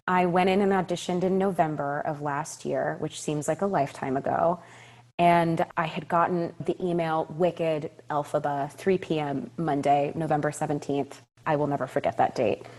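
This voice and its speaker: A woman in her twenties, a Broadway actress, telling stories in a casual interview, animated and emphatic, repeating phrases for effect and laughing often. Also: deep voice, normal speed. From California. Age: 20s.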